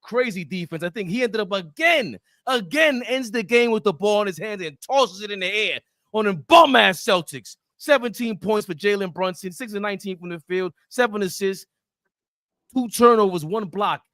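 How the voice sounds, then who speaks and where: Man, very high voice, dry close sound, excited sports podcast co-host, trash-talking, shouty. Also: normal speed, no room sound. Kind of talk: excited post-game sports talk.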